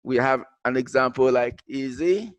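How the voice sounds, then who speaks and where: A man teaching an English grammar lesson, explaining in English mixed with Arabic, halting and repeating himself with many fillers. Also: mid-range voice, no echo.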